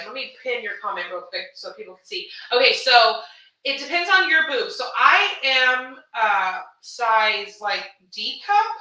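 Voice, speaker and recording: A woman from Houston, Texas, chatting casually on a livestream while selling her gowns, animated and calling viewers baby and honey. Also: on the high side, distant mic. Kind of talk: casual livestream sales chat. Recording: echoey room, voice away from the mic.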